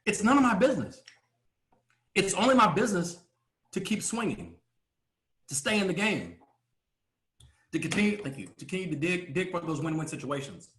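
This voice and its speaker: A man's voice: high-pitched, sing-song, pushed and bright, slight background noise. Emphatic male motivational speaker, echoey room. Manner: emphatic, with rhetorical questions and pauses. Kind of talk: motivational speech to a live audience.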